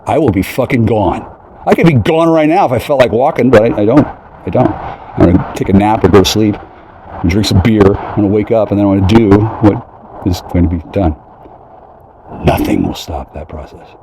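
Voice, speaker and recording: A man talking straight to his listeners in a profane, agitated, rambling rant that jumps from one idea to the next and mocks other people in high voices. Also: normal speed, noisy background. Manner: profane, agitated, conspiratorial, jumps between ideas; mocking quoted voices in a high pitch.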